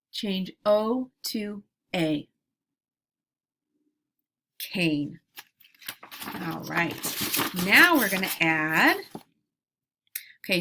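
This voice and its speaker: A woman teacher leading a phonics lesson for young children, modeling each word slowly and deliberately. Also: lowish voice, pushed and bright.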